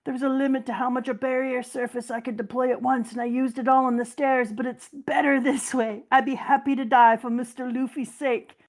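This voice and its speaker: A woman's voice: sits high, level tone, fairly quick, hardly any pauses, pitched above the performer's own voice, natural voice. A woman voicing a devoted young male pirate fanboy, gushing and overexcited as she retells a cartoon scene.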